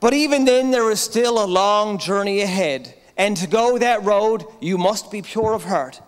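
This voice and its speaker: A man's voice: high voice, animated, unhurried, clean tone. A man with a Newfoundland accent doing a chatty stand-up monologue as host of a live awards show, tagging lines with "right?". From Newfoundland, Canada. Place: large armoury hall at a live event. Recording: live hall reverb.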